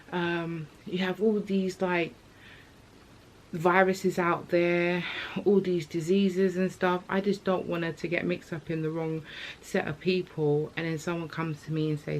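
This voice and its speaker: A woman's voice: on the low side, fairly even intonation, moderate pace. A young woman, talking candidly in her vlog about motherhood in a chatty, emotional way. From England. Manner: open, chatty, emotional storytelling with slang. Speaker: vlogger. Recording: faint background noise.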